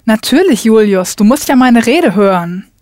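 Teasing young woman for a language course dialogue, clear, slightly higher voice, dry close recording voiced by a woman. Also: animated, moderate pace, a little mellow, no echo, close to an everyday voice. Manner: speaks clear model German answers. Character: Julia, a playful young woman who teases her friend.

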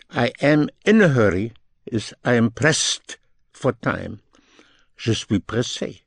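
Man, language teacher, very slow deliberate delivery, dry close sound, patient repetition. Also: mid-range voice, gravelly, dry recording. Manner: repeats phrases in English and French, explains patiently. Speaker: French teacher.

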